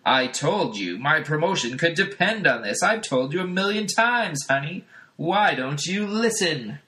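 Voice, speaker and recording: A man's voice: medium pitch, expressive, normal speed, bright, forceful tone, pitched above the performer's own voice. A man voicing an overbearing sitcom husband, in an exaggerated, cheesy sitcom delivery.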